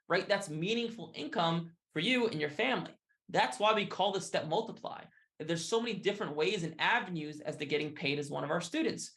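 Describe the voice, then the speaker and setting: A man giving an upbeat, hard-sell sales pitch, often tagging his lines with "right?" and "okay?". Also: fairly bright tone. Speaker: sales presenter.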